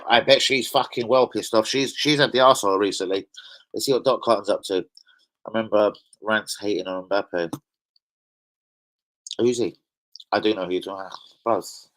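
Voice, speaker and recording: A man's voice: lowish voice, fairly even intonation, moderate pace, long pauses, a bit bright, poor audio. A man hosting a casual football live stream, chatting in slangy banter with his viewers.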